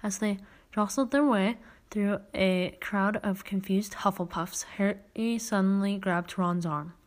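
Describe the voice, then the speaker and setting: A woman podcast host reads a children's novel aloud, sometimes stumbling and correcting herself. Her voice is medium-pitched and a little slow.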